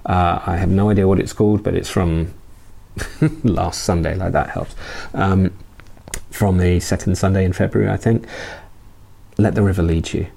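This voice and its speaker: A man preaching a conversational sermon, halting often with restarts. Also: low-pitched, steady tone, creaky, dark tone.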